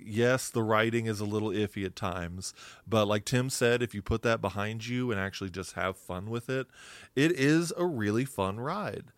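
A man's voice: lowish voice, clear, resonant tone, dry recording. A man co-hosting a podcast in a casual chat, who explains at length with fillers and self-corrections. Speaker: podcast co-host.

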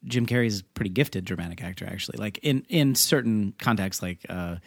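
A man co-hosting a casual movie podcast from his home, trading wry, deadpan jokes. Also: fairly low pitch, brisk, no echo, clean studio sound. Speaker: podcast co-host.

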